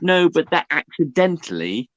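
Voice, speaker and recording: A man from Northern England, a guest on a casual comedy podcast, talking in a deadpan, defensive way. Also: on the high side, normal speed, no echo, lo-fi sound.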